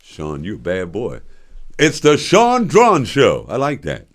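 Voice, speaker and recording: A man's voice: fairly low pitch, huge pitch swings, slow. Older guy hosting his show, chatty storyteller, laughs a lot, voice bouncing all over. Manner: laughs often, mimics voices in his stories. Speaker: show host. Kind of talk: casual storytelling monologue.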